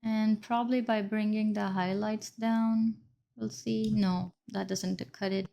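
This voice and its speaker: A woman instructor narrates a screen-recorded editing lesson. Her voice sits at a middle pitch. She explains each step as she goes and stops to correct her own slips. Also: little pitch movement, a little slow, vocal fry, mellow.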